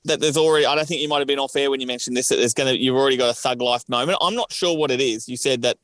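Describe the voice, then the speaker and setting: A man's voice: medium pitch, racing, a bit bright, no echo. Male co-host, older of the pair, easygoing rambling chat, dry mic. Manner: rambling, hedging with lots of "you know". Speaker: podcast co-host. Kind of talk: casual chat.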